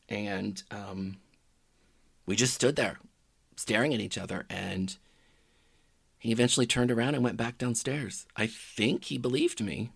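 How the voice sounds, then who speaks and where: A middle-aged man telling a personal story in a halting, reflective way that often trails off quietly. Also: lowish voice, gravelly, husky, dry recording, clean studio sound. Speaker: podcaster telling his own story.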